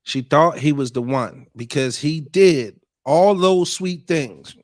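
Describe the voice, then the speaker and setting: A man's voice: a little high, takes it slowly, no room sound. Laid-back man hosting, dry sound. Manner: loose, laughing, profane, restarts often. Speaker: podcast host. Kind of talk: casual commentary on a video.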